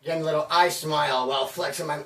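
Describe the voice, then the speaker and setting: A man's voice: on the high side, fairly even intonation, fast talker, fairly bright tone, recorded from a distance. A man hosting his channel, telling stories in a casual, slangy, self-mocking way. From Bakersfield, California. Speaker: channel host. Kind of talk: casual storytelling monologue. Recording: roomy sound, voice away from the mic.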